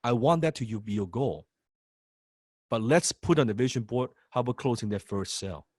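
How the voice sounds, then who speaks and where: A man's voice: mid-range voice, expressive, normal speed, a little mellow, no echo, studio quality. A man coaching sales students in an emphatic, repetitive way, swearing freely. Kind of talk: lecture to students.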